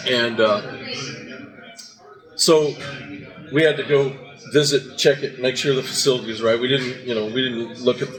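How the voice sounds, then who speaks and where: An older man hosts a casual breakfast chat podcast in a restaurant, rambling through stories packed with fillers and restarts. His medium-pitched voice is steady, unhurried and a bit bright, with frequent pauses, over background music on a low-quality recording.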